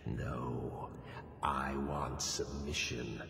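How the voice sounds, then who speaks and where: An actor playing a menacing male demon god of domination in a video game, with a deep gravelly rumble and a slow, commanding delivery that drops into whispers. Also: fairly even intonation, bright, forceful tone, heavily acted. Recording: echoey with a long hall reverb.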